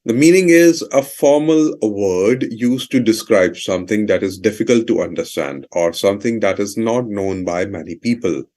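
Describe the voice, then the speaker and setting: A man's voice: fairly low pitch, normal speed, few pauses, a little mellow. A man teaching vocabulary, explaining each word's meaning and repeating definitions and example sentences with fillers like "you know".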